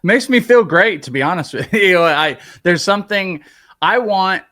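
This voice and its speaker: A male co-host with a bright, forceful voice and lively pitch talks baseball. He is opinionated and animated. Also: normal speed. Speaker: podcast co-host. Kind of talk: casual sports chat.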